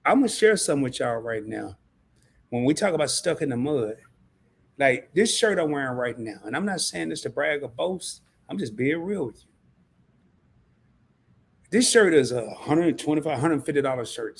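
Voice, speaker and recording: Husky animated man on a livestream. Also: medium pitch, moderate pace. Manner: animated, stumbling restarts, preachy. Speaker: livestream host. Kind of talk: casual livestream talk.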